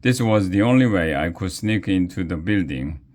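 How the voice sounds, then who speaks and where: A man's voice: low-pitched, expressive, normal speed, a little mellow. A man voicing a fond older woman, a former school principal, explaining earnestly in a children's story.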